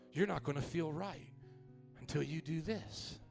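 Gravelly high-voiced man preaching. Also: measured pace, darkish tone, faint music behind. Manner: repetitive preaching with call-and-response. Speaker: pastor. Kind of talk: sermon.

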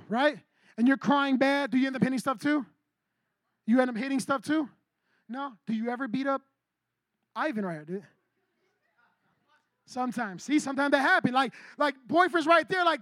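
A man's voice: extremely high pitch, brisk, pauses often, a bit bright, no echo. A man giving a casual sermon to young people as their youth pastor, talking in a slangy, conversational way and calling on listeners by name.

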